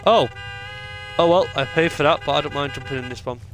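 A man giving excitable, joking live gameplay commentary, swearing a lot. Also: on the high side, fairly quick, music in the background. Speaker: streamer.

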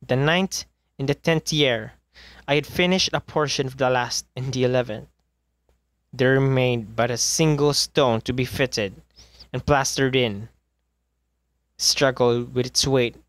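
A man reading a classic short story aloud at a measured pace, now and then stumbling and correcting himself. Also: mid-range voice, no echo. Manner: measured, with occasional misreadings and self-corrections. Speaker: reader.

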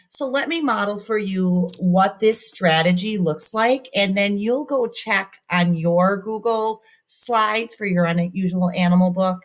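A woman teacher recording a mini lesson for young students, patiently modeling how to read aloud and pause to breathe. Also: mid-range voice, a bit bright. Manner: clear, patient modeling, reads text aloud with exaggerated breathlessness.

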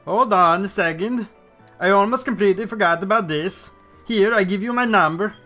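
A man voicing a pushy middle-aged male professor in a deliberately bad, exaggerated fake accent for a game playthrough. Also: high-pitched, bright, forceful tone, soft background music, voice pushed up. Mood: pushy, cheeky.

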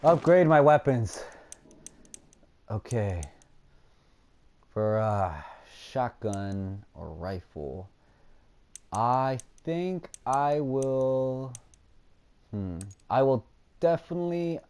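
Gravelly, excitable man narrating a horror game. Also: mid-range voice, extremely slow, long pauses. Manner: swings between nervous muttering and loud excited shouting, swears a lot. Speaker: gaming streamer. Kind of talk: let's play commentary.

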